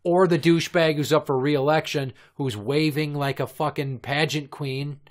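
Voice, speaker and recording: A man's voice: on the high side, fairly even intonation, normal speed. A man in his thirties hosting a comedy podcast, telling crude stories in long, profane, rambling run-on rants. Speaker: podcast host.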